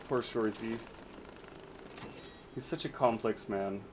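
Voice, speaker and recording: Slow-talking teasing male streamer. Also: on the low side, steady tone, noisy background. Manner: crude, teasing, laughs often. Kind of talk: casual chat while gaming.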